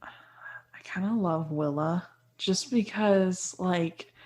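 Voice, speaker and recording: A woman guest in a casual book chat, talking in a relaxed, wry way and acting out characters' lines. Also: on the low side, slow.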